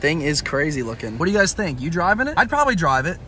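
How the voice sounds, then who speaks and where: A man's voice: on the high side, very animated, quick pace, pushed and bright, a little hiss or hum. A young man talking straight to his viewers in an upbeat, hypey way while vlogging about his cars on the go. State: hoarse. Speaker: car vlogger. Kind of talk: casual vlog talk to camera.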